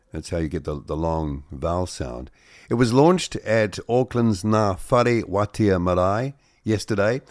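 In a radio studio, a man hosts breakfast radio, reading news headlines with wry jokes, asides, and mock voices. His voice is fairly low in pitch, recorded dry at studio quality.

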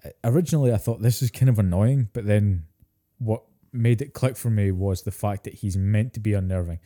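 A man co-hosting a podcast, chatting in a relaxed way, swearing casually and laughing often. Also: on the low side, brisk. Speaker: podcast co-host. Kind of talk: casual chat.

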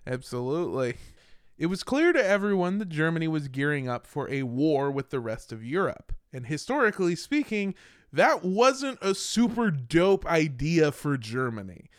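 A man's voice: fairly high pitch, big pitch swings, normal speed, dry recording, studio quality. An American man hosting a comedic history podcast, narrating with swearing and jokey asides. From United States.

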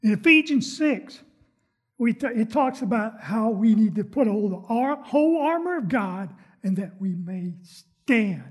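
Woman preacher, slow deliberate sermon, a bit husky, repeats stuff for emphasis. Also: medium pitch, animated, a little mellow.

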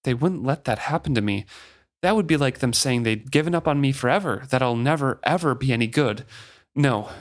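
A man's voice: mid-range voice, lively intonation, brisk, lightly acted. A man voicing an anxious, childlike male ship figurehead who speaks plainly and pleads.

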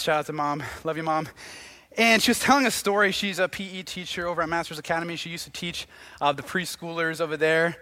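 A young man preaching a sermon in an animated, joking storytelling style with lots of asides. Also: on the high side.

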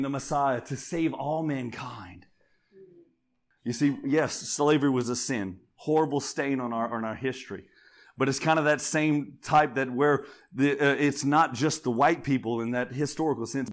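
A pastor preaching a sermon, calling out to the congregation as he builds to fervent peaks. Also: medium pitch. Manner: call-and-response preaching, rising to fervent shouts.

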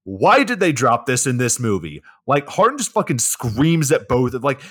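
Casual movie-review guy, animated and profane, voice bounces all over. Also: medium pitch, moderate pace, husky. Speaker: podcast co-host.

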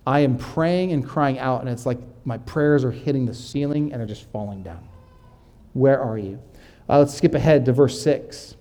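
Man preaching a mellow sermon. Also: medium pitch. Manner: conversational preaching, slows for scripture readings. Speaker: pastor. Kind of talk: sermon with scripture reading. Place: church.

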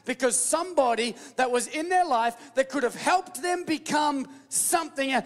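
A man preaching a sermon as pastor, animated and playful, calling out to the congregation and slipping into mock voices. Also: very high-pitched, in a large hall.

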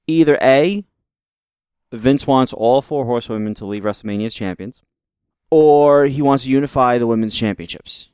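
A man's voice: mid-range voice, darkish tone, smooth, dry recording. A man co-hosting a wrestling podcast, ranting sarcastically in casual chat and swearing freely. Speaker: podcast co-host.

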